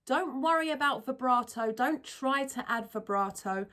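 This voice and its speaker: A woman's voice: high voice, animated, moderate pace, bright, forceful tone. A woman vocal coach explaining singing technique in a frank, chatty tutorial manner. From not from America.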